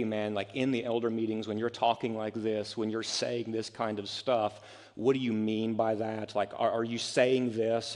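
Pastor, male, mid-pitched, chatty animated sermon delivery, long hall reverb. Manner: conversational, animated preaching with quoted asides.

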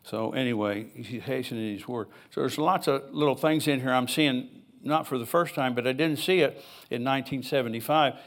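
A man's voice: medium pitch, moderate pace, hardly any pauses. Older guy pastor giving a sermon in church, chatty, reads bible verses then goes off on tangents. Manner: conversational preaching, reads scripture aloud, rambles with asides.

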